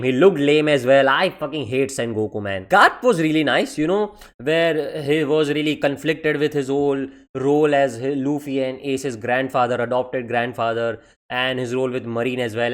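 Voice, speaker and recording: A man giving a casual vlog review of manga, excitable and profane, tossing "man" into nearly every sentence and slipping into mocking voices. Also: on the high side.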